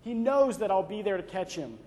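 A young man with a high, dark-toned voice speaks briskly and expressively, giving a devotional talk in a conversational style. He shares personal anecdotes and asks "right?" frequently, with the long echo of a large hall around him.

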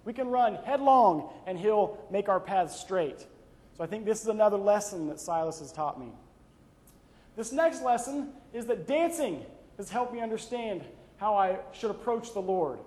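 High-voiced young man preaching in a hall. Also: lively intonation, moderate pace, a little mellow. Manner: conversational, frequent "right?" tag questions. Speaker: speaker giving a devotional talk. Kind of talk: church talk with personal anecdotes. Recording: long reverb of a large hall.

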